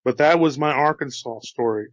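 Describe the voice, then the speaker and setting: A man recounting a strange encounter in a casual storytelling manner, slightly hoarse after an illness, dropping "you know" and "dude" as he goes. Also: mid-range voice, moderate pace, no room sound, lo-fi sound. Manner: relaxed, chatty, says "dude" and "you know". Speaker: storyteller relaying witness accounts.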